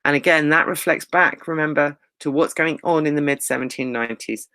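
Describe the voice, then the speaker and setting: A male English teacher giving a recorded lecture, explaining lively and reading lines of verse slowly. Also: medium pitch, clean tone, dry recording.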